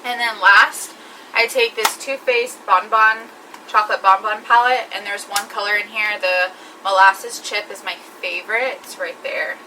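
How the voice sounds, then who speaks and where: A woman with a bright, crisp voice explains each step of her makeup in a chatty vlog. She sounds set back from the mic, with a faint hum of the room behind her. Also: medium pitch, fairly even intonation, unhurried, far from the mic, poor audio. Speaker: beauty vlogger. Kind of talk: makeup tutorial.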